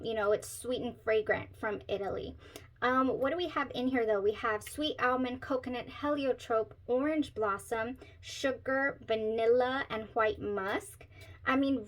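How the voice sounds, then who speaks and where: A woman's voice: a little high, rough recording. A woman hosting a casual perfume review vlog, chatty and giggly, often trailing off into searching asides. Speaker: perfume reviewer, channel host.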